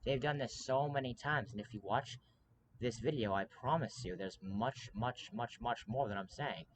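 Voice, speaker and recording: A man rambles to camera in a casual monologue, urgent and full of ums and restarts. His pitch sits in an everyday middle range and his pace is moderate, with a steady noisy hiss in the background.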